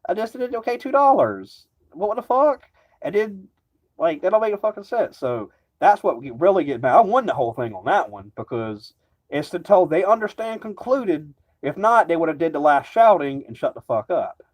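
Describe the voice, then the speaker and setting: A man's voice: fairly high pitch, sing-song, normal speed, a little mellow. A man ranting casually to camera, rambling and agitated, swearing constantly. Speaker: vlogger. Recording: dull lo-fi recording.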